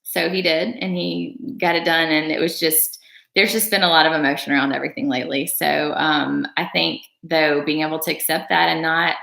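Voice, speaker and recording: A young woman talking on a home livestream, earnest and rambling, full of fillers and false starts. Her voice sits low with a gravelly fry. The room around her sounds roomy and echoey. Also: steady tone, fairly quick, a bit bright. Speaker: livestream vlogger. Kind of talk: casual livestream chat.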